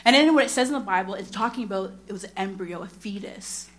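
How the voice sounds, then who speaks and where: A woman in her thirties preaching a sermon, telling a personal story and acting out the dialogue. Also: fast. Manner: animated storyteller, acts out dialogue with big pitch jumps.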